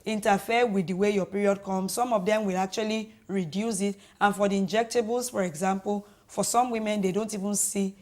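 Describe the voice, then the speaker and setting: Calm Nigerian woman doctor advising. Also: mid-range voice, fairly quick, hardly any pauses. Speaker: doctor, guest expert. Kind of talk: radio call-in advice.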